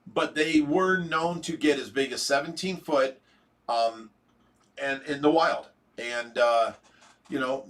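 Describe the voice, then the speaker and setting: A man's voice: on the high side, fairly bright tone. A middle-aged man with an Ohio accent hosting a casual livestream, rambling and chuckling, with many fillers. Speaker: livestream host.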